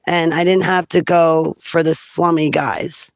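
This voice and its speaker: A woman's voice: low-pitched, fairly even intonation, a little slow, dry recording, low-quality recording. Chatty woman vlogger, dry close sound. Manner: chatty, laughs often between thoughts. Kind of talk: rambling personal monologue.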